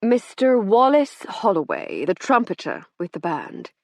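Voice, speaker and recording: A woman's voice: mid-range voice, wildly swooping pitch, a little slow, a little mellow, no room sound, studio quality. A woman reading an audiobook, voicing a plain-spoken male police inspector who talks politely and firmly. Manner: polite, firm, patient.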